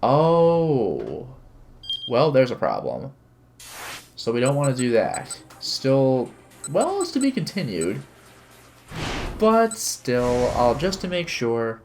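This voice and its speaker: A man's voice: mid-range voice, sing-song, a little slow, long pauses, darkish tone, slight background noise. A man playing a visual novel on stream, chatting casually and reading its narration and dialogue aloud with light character voices. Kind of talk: casual game commentary with read-aloud narration.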